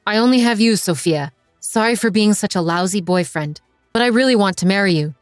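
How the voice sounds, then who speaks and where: Woman voicing a gruff, scornful fiancé. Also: mid-range voice, brisk, no echo, studio quality, faint music behind, lightly acted. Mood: pleading. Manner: gruff and scornful, then apologetic. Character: short-tempered hard-drinking man, the fiancé.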